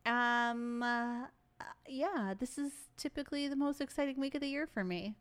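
A woman's voice: high voice, normal speed, clean tone. A young woman co-hosting a podcast in casual chat, bubbly and playful, laughing often. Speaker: podcast co-host.

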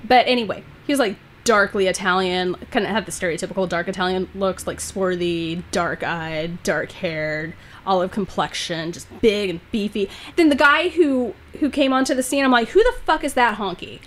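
A woman's voice: medium pitch, moderate pace, few pauses, fairly bright tone, a little hiss or hum. A woman co-hosting a podcast in casual chat, blunt and profane, mocking as she talks. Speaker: podcast co-host.

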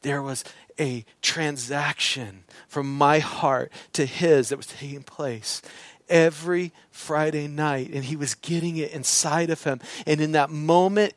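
High-voiced man preaching with dry sound. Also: steady tone, a little slow, no room sound. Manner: emotional storytelling, dropping to soft hushed tones for emphasis. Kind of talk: sermon with personal story.

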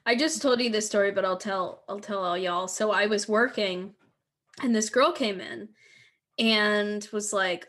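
A woman's voice: mid-range voice, measured pace, fairly bright tone. Rambling young woman from Philly. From Philadelphia area. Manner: laughing, rambling anecdotes with quoted dialogue. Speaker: podcast co-host. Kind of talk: casual chat.

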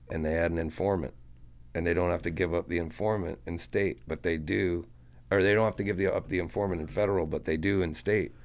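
Deep, gravelly male guest, profane and rambling, casual storyteller. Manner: profane, rambling anecdote-telling. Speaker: guest musician.

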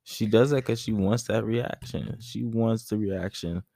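A man in his thirties, co-hosting a casual chat, laid-back and teasing, with quick laughs. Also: lowish voice, steady tone, gravelly, mellow, no echo, studio quality. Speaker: podcast co-host.

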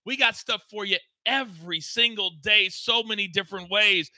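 Male betting-show host; high, piercingly bright, pumped-up promo delivery in a dry room. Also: normal speed, no room sound. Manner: hyped, promotional, emphatic. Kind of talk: energetic sports betting show chat.

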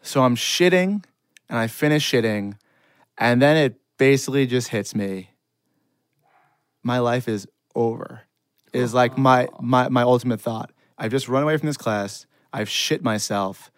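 A man's voice: mid-range voice, a little slow, clean tone, dry recording, clean studio sound. A man telling a long, self-deprecating funny story in casual chat. He rambles and laughs often.

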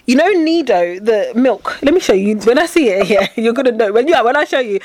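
A woman co-hosting a podcast, chatting casually with a giggly, animated way of telling stories. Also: fairly high pitch, brisk, hardly any pauses, no room sound. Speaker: podcast co-host. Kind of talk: casual chat.

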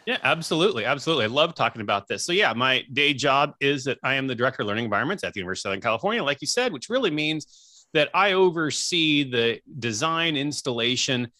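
American man, interview guest, bright forceful voice, dry close sound, easygoing joking. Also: mid-range voice, sing-song, quick pace, no echo. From United States. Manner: easygoing, self-mocking humor. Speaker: guest, university AV director. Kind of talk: casual interview chat.

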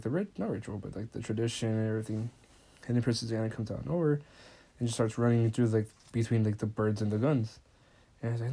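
A man's voice: on the low side, warm tone. A young man casually recapping a movie on his podcast, rambling, swearing often and quoting the characters. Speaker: podcast host.

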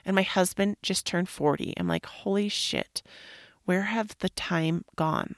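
A woman in her thirties hosts a casual solo podcast, candid and rambling, now and then slipping into a whisper or a swear. Her voice sits a little low. The sound is close and dry, with no room around it. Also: unhurried, gravelly, dry recording. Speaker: podcast host.

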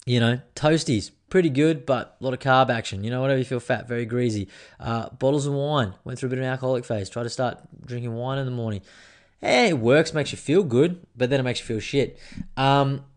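A man's voice: mid-range voice, brisk. A man, rambling and joking through a casual solo podcast, swearing freely. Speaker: podcast host.

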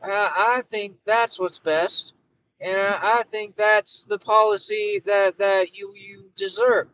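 A man's voice: sits high, steady tone, slow, sharp tone, a little hiss or hum, exaggerated voice, poor audio. A man putting on a rambling, stammering elderly male politician in a comic impression, recorded in a car through a phone. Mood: rambling bluster. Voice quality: stammering, repetitive, hoarse-edged. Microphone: phone through car system.

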